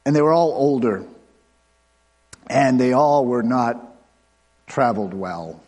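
A man's voice: mid-range voice, lively intonation, a little mellow. Preaching man in a reverberant hall. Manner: conversational preaching with asides and quick runs. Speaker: pastor. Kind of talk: sermon.

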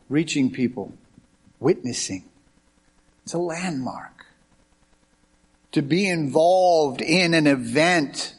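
A middle-aged man from the United States preaching a sermon as a pastor, telling lively stories with quoted dialogue. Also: mid-range voice, husky. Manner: animated anecdotes with quoted dialogue. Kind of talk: sermon with storytelling.

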